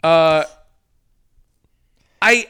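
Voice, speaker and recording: A man's voice: on the high side, bright, forceful tone, clean tone. A man in his thirties co-hosting a podcast, chatting casually and joking around. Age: 30s. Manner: jokey, quick banter with playful put-on voices. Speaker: podcast co-host. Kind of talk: casual chat.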